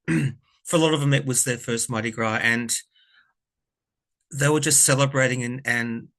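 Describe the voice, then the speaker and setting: A man's voice: mid-range voice, sharp tone. A man, a tarot vlogger telling a personal story to camera in a rambling, earnest way, often correcting himself and getting emotional.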